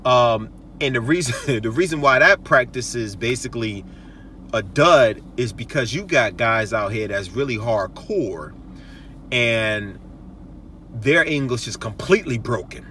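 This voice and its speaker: A male host talks through casual advice in an emphatic, repetitive way, with a slow pace and a bright, lively voice that rises and falls a lot. The mic sits a little distant, and faint noise hums behind him. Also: mid-range voice. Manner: emphatic, keeps checking in with "okay?" and "right?".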